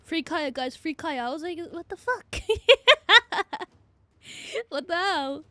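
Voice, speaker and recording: High-voiced excitable young woman streamer. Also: slow, dry recording. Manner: excitable, swearing, laughing often. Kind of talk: casual stream chat.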